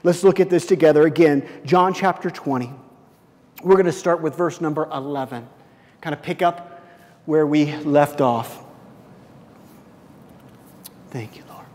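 Male pastor, fairly high voice, slow deliberate preaching that swells and drops to a hush, heard in a reverberant hall. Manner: impassioned preaching, swinging between loud and hushed. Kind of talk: sermon.

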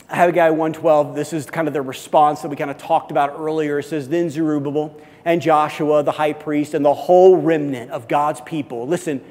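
A male pastor preaches in an earnest, emphatic way and hammers home key phrases by repeating them. His voice sits a bit high for a man. It rings out with the long reverb of a large church hall. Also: darkish tone. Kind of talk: sermon.

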